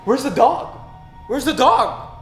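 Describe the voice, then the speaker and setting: A young man hosting a vlog in a jumpy, exclamatory way, repeating himself fast. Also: very high-pitched, animated, soft background music. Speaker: YouTube host. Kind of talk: excitable vlog chatter. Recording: noisy background hiss.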